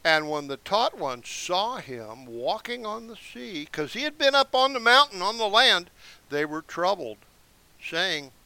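A seated Bible teacher reads scripture at an unhurried, deliberate pace with casual commentary between verses. His slightly high voice is bright and forceful, very animated, with vocal fry and wide pitch swings from line to line. The sound has no echo.

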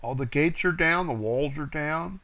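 A man leading a verse-by-verse Bible study in a slow, unhurried voice. He reads each verse aloud with weight, then explains it, pausing on fillers. His voice sits a little high and has a bright edge. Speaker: Bible teacher. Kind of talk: verse-by-verse scripture teaching.

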